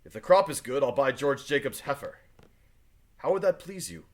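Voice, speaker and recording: John Proctor, a stubborn farmer husband, is voiced by a man reading the play's old-fashioned lines to a class with earnest feeling. His natural, mid-range voice is very animated and moves at normal speed.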